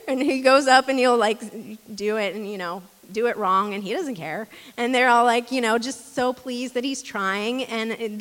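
A woman with a slightly high voice speaks to her congregation in a relaxed, conversational way, filling her sentences with ums and restarting her phrases. Her words carry a long reverb through the church hall. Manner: chatty, with many ums and restarts. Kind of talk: casual conversational sermon.

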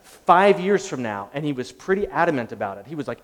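A man giving a storytelling talk to an audience, animated, conversational and self-deprecating. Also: fairly high pitch, brisk, big-room sound.

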